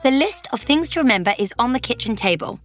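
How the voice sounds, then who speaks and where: A woman voicing a busy, organised mother who gives quick instructions to her children, in a storybook reading. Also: on the high side, lively intonation, faint music behind, pitched above the performer's own voice, close to an everyday voice. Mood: brisk.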